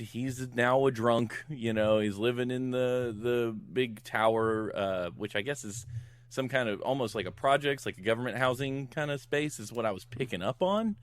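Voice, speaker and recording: A man's voice: medium pitch, clean tone, dry recording. A man guesting on a podcast, retelling a film plot in casual chat, acting out the characters' lines and laughing often. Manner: animated storyteller who acts out the characters' lines; laughs often while talking.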